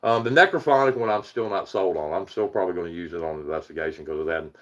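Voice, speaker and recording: A man's voice: low-pitched, fast, crowd noise, poor audio. A man from Virginia with an Appalachian hill accent, chatting casually on a livestream, rambling and chuckling as he reads out viewers' names. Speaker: paranormal livestream host.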